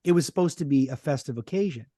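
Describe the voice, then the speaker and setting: A man hosting a casual podcast interview, speaking in loose, rambling sentences full of fillers and restarts. He is from the Montreal area. His voice sits at an ordinary middle pitch and sounds dry and close, with no room around it. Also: expressive, fast talker, mellow, no echo. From Montreal area, Canada. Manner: rambling, hesitant, many fillers. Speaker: podcast host.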